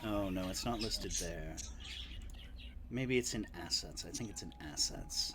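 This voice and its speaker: A man with a low, unhurried voice runs a tabletop game as game master, narrating and chatting in a meandering way full of fillers. Background noise and faint music sit behind him.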